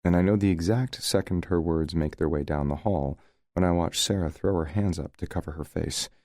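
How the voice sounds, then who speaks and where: A man's voice: sits low, a little fast, a little mellow, no echo. A man narrating a first-person romance audiobook in a wry, conversational way, recorded close to the mic.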